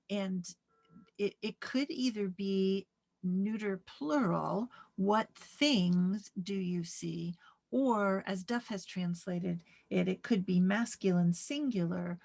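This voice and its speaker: A woman's voice: mid-range voice, gravelly. A woman teaching a Greek grammar lesson, patiently walking through each example and answering her own questions. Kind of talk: slow, step-by-step lesson with many fillers.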